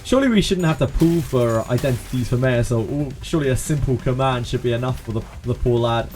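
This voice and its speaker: A man's voice: mid-range voice, a little fast, a little mellow, soft background music. Male streamer, West Country accent, loose and chatty, laughs a lot, mid-range voice. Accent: West Country English. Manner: chatty, joking, laughs often. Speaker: game streamer. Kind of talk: casual live-stream commentary.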